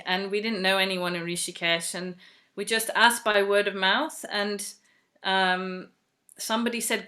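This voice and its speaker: A woman from England recounts a personal story in a chatty, earnest way, with plenty of fillers along the way. Her voice is bright and clear. She slips into the voices of the people she quotes. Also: medium pitch. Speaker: devotee sharing a personal story.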